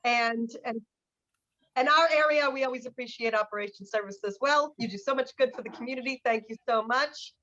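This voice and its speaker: High-voiced woman host, dull sound. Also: a little fast, sharp tone. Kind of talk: casual interview hosting.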